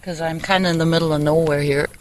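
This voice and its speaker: A candid vlogger rambles through a casual personal chat, swearing freely and laughing often. The voice sits at a middling pitch. It is caught on a handheld phone outdoors in a meadow, with faint background noise. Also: fairly even intonation, fast talker, low-quality recording. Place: outdoors in a meadow, sitting on a wooden bench.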